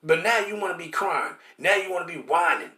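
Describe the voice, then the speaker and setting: High-voiced man preaching emphatically. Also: lively intonation, brisk, sharp tone. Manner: emphatic and repetitive, keeps asking "See?"; stammers and restarts while hunting for words. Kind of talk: street-style scripture teaching. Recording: roomy echo.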